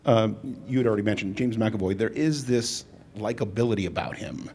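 Gravelly-voiced male interviewer. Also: lowish voice, fairly quick, a little mellow. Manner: brief, polite questions. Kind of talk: interview questions. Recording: faint background noise.

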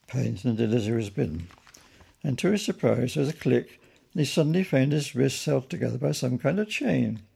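A man, the author, reading his own children's story in a gentle, measured storytelling manner. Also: mid-range voice, animated, gravelly, slightly rough.

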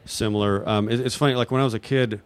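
A man's voice: medium pitch, fairly even intonation, quick pace, clear, resonant tone. A man from New Mexico answering audience questions in a rambling, unscripted way, hesitating and restarting often. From New Mexico, USA. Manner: hesitant, full of fillers and restarts. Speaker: guest at audience Q&A.

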